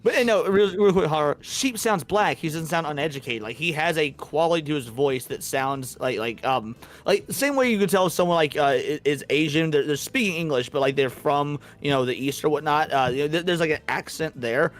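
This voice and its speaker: A man who is a guest on a podcast, talking in casual chat, animated and profane, rambling with restarts. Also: on the high side, fairly quick, hardly any pauses.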